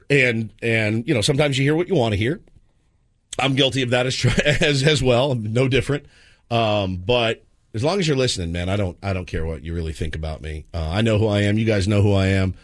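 A man's voice: on the low side, fairly quick, no echo, studio quality. A man in his forties, a radio sports host, talking on air in an earnest, emotional way with many restarts. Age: 40s. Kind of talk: heartfelt on-air talk. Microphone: studio microphone.

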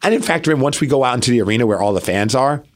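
A man's voice: medium pitch, very fast. A man co-hosting a podcast, telling a long story in casual chat and acting out what others said. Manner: animated, acts out quotes of others. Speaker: podcast co-host.

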